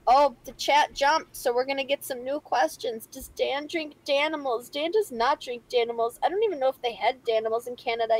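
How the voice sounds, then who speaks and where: A woman's voice: a little high, low-quality recording. A woman chats casually on a live stream, reading out viewer questions and answering them. Her talk is playful and rambling, full of giggles and "um"s. She sounds like she is in a home studio. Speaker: stream co-host reading chat.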